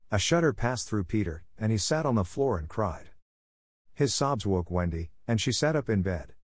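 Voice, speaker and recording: A man narrating a classic children's story as an audiobook, in a measured storyteller's delivery. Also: fairly low pitch, a little mellow, dry recording, studio quality.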